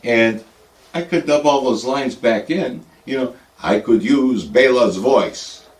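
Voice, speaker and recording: A man of middling pitch chats casually and teases his co-host in an offhand way. He sounds set back from the mic. The room around him echoes. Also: slow pace. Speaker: show host. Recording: roomy and distant.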